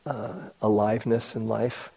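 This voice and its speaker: A man, a meditation teacher, giving a dharma talk to retreat students, telling stories in an unhurried way with gentle restarts and self-deprecating humor. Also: fairly low pitch, level tone, creaky, breathy edge.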